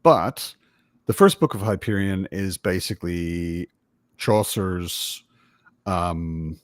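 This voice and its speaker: A man with a lowish voice hosts a relaxed book chat on a livestream. He rambles and corrects himself in an easy way. The sound is dry and close, as on a video call. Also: slow, dry recording. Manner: rambling, self-correcting, chatty. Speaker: livestream host. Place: home in Berlin.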